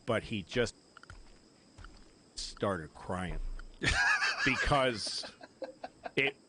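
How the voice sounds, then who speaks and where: A man's voice: mid-range voice, huge pitch swings, drawn-out words. A man talking as a podcast guest. He rambles through long anecdotes and laughs at his own stories. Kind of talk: casual chat, telling anecdotes. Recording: podcast audio under loud background noise.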